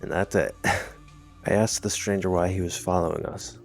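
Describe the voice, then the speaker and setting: A man's voice: low voice, steady tone, moderate pace, creaky, soft background music. A man reading a text adventure game aloud, adding wry, amused comments of his own. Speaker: gamer.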